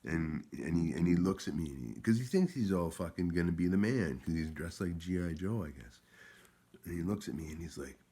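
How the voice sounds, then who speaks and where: A man's voice: low-pitched, animated, brisk, warm tone, slightly rough. A man telling a rambling, profane story in a casual vlog, with many restarts. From Canada. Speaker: vlogger.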